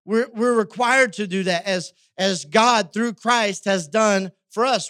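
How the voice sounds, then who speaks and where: A man's voice: sits high, slow pace, few pauses, a bit bright, no echo, clean studio sound. A male pastor giving a sermon in a conversational way, often checking in with tag questions.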